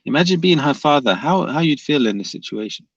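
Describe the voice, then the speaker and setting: A man's voice: on the high side, animated, brisk, husky, no room sound, lo-fi sound. A man streaming live, reading viewer comments aloud and arguing back, repeating his questions at the commenters.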